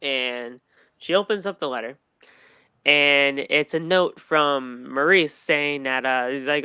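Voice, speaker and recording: Bright, crisp-voiced man rambling a recap. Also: mid-range voice, slow, no room sound. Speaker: podcast co-host recapping wrestling. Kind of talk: casual podcast chat.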